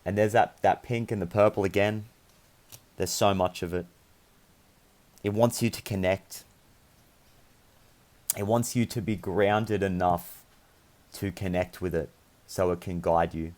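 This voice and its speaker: A man's voice: sits low, fairly even intonation, a little slow, long pauses, a little mellow. Earnest young man giving a spiritual tarot reading. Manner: earnest, meandering, encouraging. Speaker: tarot reader.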